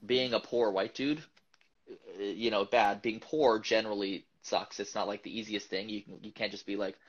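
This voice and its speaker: A man hosting a casual podcast chat, talking in a rambling, animated way with many restarts and laughs. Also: fairly low pitch, moderate pace. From United States. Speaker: podcast host. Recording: dull lo-fi podcast audio.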